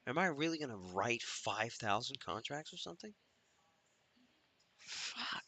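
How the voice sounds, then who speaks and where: A man's voice: mid-range voice, expressive, fairly quick, bright, forceful tone. A man hosting a live trading stream, thinking aloud and swearing as he mutters to himself.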